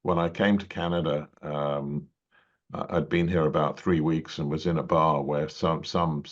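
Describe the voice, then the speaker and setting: A man's voice: rumbling low, steady tone, measured pace. A middle-aged man with an English accent, a judge telling long stories in an interview, full of fillers and restarts. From England. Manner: rambling, many fillers and restarts. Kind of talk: conversational interview storytelling. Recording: dull lo-fi audio.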